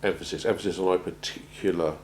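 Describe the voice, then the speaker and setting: A man gives a measured talk on crisis planning, often pausing and repeating words as he goes. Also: sits low, fairly even intonation, darkish tone, a little hiss or hum, poor audio. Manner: measured, halting, repeats words while finding them. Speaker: presenter on organisational crisis planning. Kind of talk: prepared talk to an audience.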